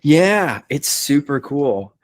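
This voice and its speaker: A man's voice: on the high side, slow pace. A young man, a voice actor, chatting as a guest in a casual podcast interview, upbeat and laughing often. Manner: upbeat, laughs often, lively when retelling.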